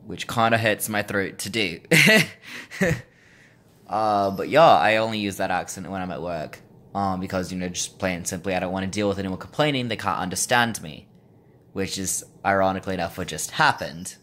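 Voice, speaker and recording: Casting note: American man vlogging in a faked Russian accent, low-voiced, rambling and wry. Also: a little fast, a bit bright. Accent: Russian-style put-on accent. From United States. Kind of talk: casual storytelling vlog.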